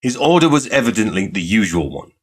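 A male audiobook narrator reading a classic detective story in a measured, even manner. His voice sits very low with a husky edge. The delivery is calm and unhurried throughout. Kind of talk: scripted narration.

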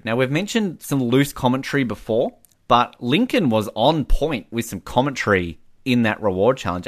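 A man co-hosting a podcast, chatting casually and animatedly with lots of "like" fillers. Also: mid-range voice. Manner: animated, many "like" fillers, giggles often. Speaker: podcast co-host. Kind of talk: casual recap chat.

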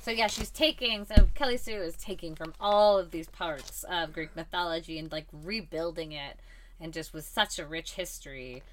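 A woman's voice: lowish voice, moderate pace, a little hiss or hum. A young woman co-hosting a podcast in a comic store, chatting casually, agreeing often and swearing freely. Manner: agreeable, frequent backchannels and laughs, casual swearing. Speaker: podcast co-host. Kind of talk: casual chat.

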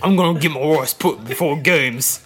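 A man's voice: a little high, normal speed, lightly acted. A man putting on a gritty British goalkeeper voice with a joking, exaggerated British accent. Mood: blustery. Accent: put-on British. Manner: jokey, louder, exaggerated. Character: gritty British goalkeeper obsessed with rice pudding.

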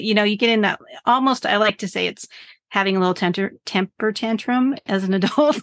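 Brief: woman guest coach, upbeat and earnest, gravelly, dry close sound. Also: mid-range voice, fairly quick, fairly bright tone, no room sound. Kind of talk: casual podcast interview.

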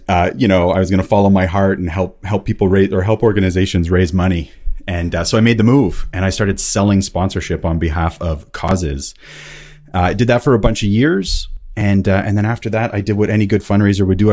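Very deep-voiced male podcast guest. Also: a little mellow. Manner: easygoing, explanatory, self-deprecating. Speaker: sponsorship consultant, guest. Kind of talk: casual interview chat.

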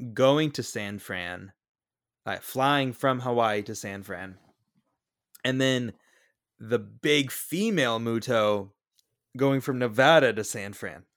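Male podcast co-host, young adult, mid-pitched voice, joking banter, casual storytelling. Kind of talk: casual movie podcast chat.

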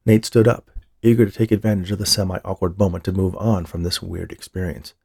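A man narrating an audiobook in a steady, even storytelling manner. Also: low voice, fairly quick, creaky, husky, no echo, studio quality. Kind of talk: scripted narration.

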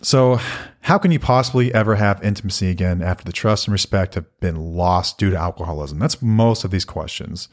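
Middle-aged man, podcast co-host, lowish voice, earnest and reflective, reads questions aloud. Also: brisk, few pauses. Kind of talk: casual podcast conversation.

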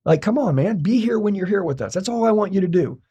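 Exasperated, insistent wife, put on by a man, pitched up, fast and dark-toned. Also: lively intonation, slightly rough, highs cut off. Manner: insistent, pleading. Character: exasperated wife demanding her husband be present.

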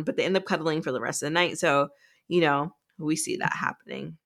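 A woman's voice: deep voice, a little fast, a bit bright. A woman co-hosting a podcast, casually recapping a book in a chatty way, with lots of fillers. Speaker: podcast co-host.

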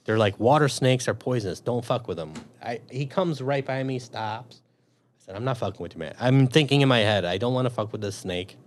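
A man's voice: mid-range voice, brisk. A man telling a story in casual chat, swearing often and acting out his own thoughts. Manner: profane, animated storyteller.

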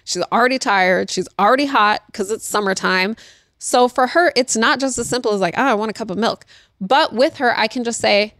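A woman's voice: mid-range voice, animated, fairly quick, fairly bright tone, dry recording, studio quality. Earnest woman giving parenting advice. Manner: earnest, explanatory, repeats key phrases. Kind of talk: casual advice talk.

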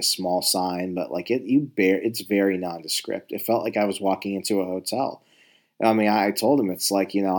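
A man telling a rambling, profane story in a casual monologue, exasperated and full of restarts. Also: low-pitched. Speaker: talker recounting travel stories.

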